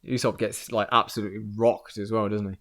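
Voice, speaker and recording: A man's voice: lowish voice, flat delivery, a bit bright. Man, podcast co-host, casual, short quips and interjections. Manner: chiming in with short remarks and quick jokes. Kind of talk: casual chat about manga.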